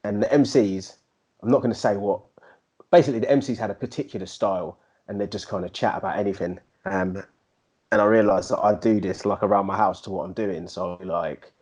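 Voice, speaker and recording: A man, co-hosting a podcast and telling animated, slangy stories in casual chat. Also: fairly low pitch, a little fast. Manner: animated storyteller, slangy, slips into put-on MC voices. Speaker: podcast co-host.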